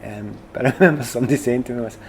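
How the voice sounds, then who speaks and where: A middle-aged man with a Glasgow accent, chatting as an interview guest. He tells stories with animated, self-deprecating energy in a mid-pitched voice. A faint hiss sits under the talk. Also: rapid-fire. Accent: Glasgow Scottish. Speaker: guest, former footballer. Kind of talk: casual conversation.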